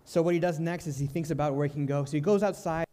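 A young man preaching a sermon, telling a story in a calm, earnest way and slowing down softly on key lines. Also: fairly high pitch, long reverb tail. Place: church sanctuary.

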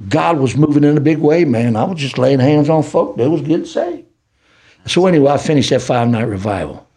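Older male podcast guest, Southern city accent, husky and dark, lively preacher-style testimony. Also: a little high, fairly quick. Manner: preacherly, animated storytelling with folksy talk. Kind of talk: storytelling testimony.

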